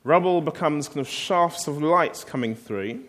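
A man's voice: on the high side, expressive, measured pace, a bit bright. A man preaching a sermon, telling the story in a conversational way and asking the listeners rhetorical questions.

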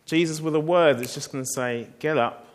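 A man's voice: a little high, a little fast. A man preaching a sermon, telling the story in a conversational way and asking the listeners rhetorical questions.

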